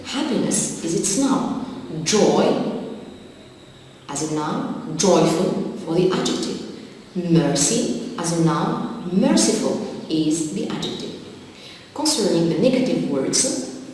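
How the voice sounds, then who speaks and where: A woman teacher speaks slowly and deliberately, going through vocabulary one word at a time. Her voice sits a little low and comes from some distance off the mic. It rings around a large, strongly echoing hall with a long reverb tail. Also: a little mellow, a little hiss or hum. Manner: slow, deliberate teacher's dictation. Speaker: English teacher. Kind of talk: televised classroom lesson.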